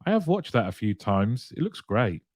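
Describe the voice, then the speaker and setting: Chatty male host with a low, dry voice. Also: big pitch swings, normal speed, darkish tone, breathy edge, dry recording. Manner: chatty, greets viewers one by one, laughs lightly. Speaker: live show host. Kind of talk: casual live-stream chat, reading viewer comments aloud.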